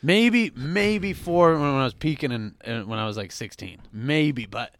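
A man's voice: medium pitch, normal speed, no room sound. A young man telling a crude story in casual chat, swearing often and acting out the voices of the people he quotes. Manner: animated, swears a lot, acts out quoted voices.

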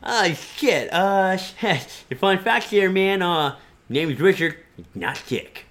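A man's voice: sits high, lively intonation, takes it slowly, a bit bright, voice pushed up, full character voice. A man putting on the voice of a nerdy young male gamer who talks with a lisp. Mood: excited. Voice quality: lisping.

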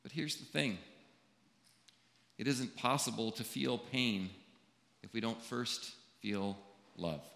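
Slow-speaking pastor in an echoing hall. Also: male voice, mid-range voice, gravelly, fairly bright tone. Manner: slow, deliberate delivery with long pauses. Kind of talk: funeral sermon. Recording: echoey hall with long reverb.

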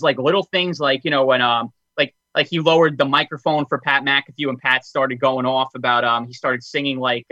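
Rambling bright-voiced podcast co-host man. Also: mid-range voice, no echo, lo-fi sound. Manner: rambling, lots of filler words. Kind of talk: casual wrestling podcast chat.

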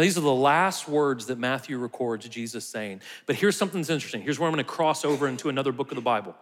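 A man's voice: mid-range voice, a bit bright. Man preaching in a reverberant hall. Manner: conversational preaching, drops to near whispers for emphasis. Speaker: pastor. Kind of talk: sermon.

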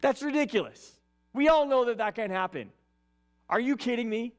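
A man's voice: extremely high pitch, lively intonation, normal speed. A man doing a scoffing, sarcastic old teacher. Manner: sarcastic, incredulous. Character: scoffing arrogant old male religious teacher.

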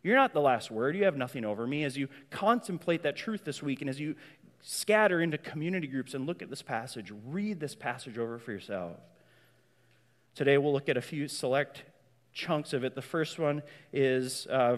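A man's voice: medium pitch, moderate pace. Emphatic male pastor in a reverberant hall. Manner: emphatic, with many repeated words. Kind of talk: sermon.

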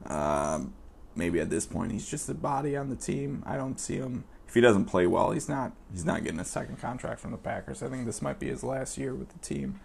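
A man's voice: medium pitch, animated, a little fast, creaky, darkish tone, a little hiss or hum. A man guest-hosting a sports fan podcast, talking in a casual, profane, rambling and joking way.

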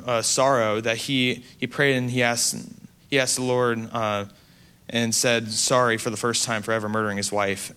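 A man's voice: medium pitch, a bit bright, clean tone. Earnest young American man telling a story. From United States. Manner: earnest, halting, many restarts. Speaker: mission trip speaker. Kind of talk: personal testimony storytelling.

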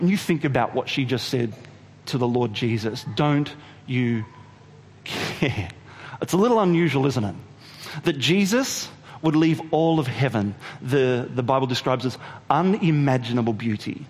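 A man preaching a sermon, retelling a story in an animated way and asking the audience questions. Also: mid-range voice, brisk, big-room sound. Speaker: pastor.

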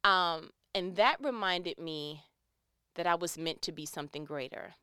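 A woman from New York with a New York accent, giving a lively, laughing faith talk and acting out little quoted scenes. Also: lowish voice, unhurried, smooth, no room sound, clean studio sound. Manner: animated, laughing, acts out quotes.

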